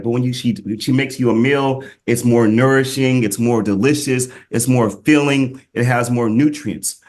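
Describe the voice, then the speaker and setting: A man's voice: medium pitch, fairly even intonation, normal speed, few pauses. A man in a group call sharing a spiritual reflection in a casual, hesitant way, with many ums and restarts. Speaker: group member.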